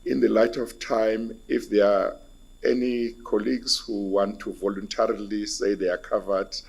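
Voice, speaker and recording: A South African man chairing a hearing panel, brisk and good-humoured, calling on speakers. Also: on the low side, flat delivery, creaky, a little mellow, breathy edge, poor audio. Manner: brisk, chuckling asides.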